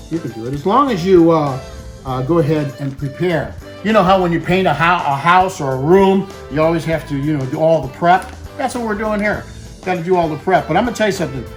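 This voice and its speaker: A man hosting a cooking show, chatting casually to the viewer as he demonstrates a recipe and drops in Italian food words. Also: a little high.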